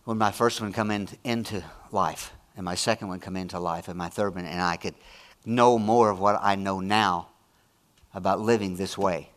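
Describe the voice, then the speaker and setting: A middle-aged man preaching a sermon as pastor, emphatic, swinging between loud declarations and hushed, intimate asides. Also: sits low, steady tone, normal speed.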